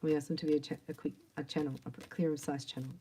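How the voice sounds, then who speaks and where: A woman giving a tarot reading in a chatty, animated monologue, acting out imagined quotes and sometimes dropping to a soft whisper. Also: deep voice, rapid-fire, slightly rough. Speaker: tarot reader.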